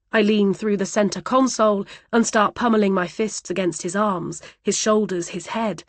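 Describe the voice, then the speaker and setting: A woman's voice: mid-range voice, steady tone, moderate pace, few pauses, dry recording. A woman narrating a first-person thriller audiobook in a dramatic, vivid way.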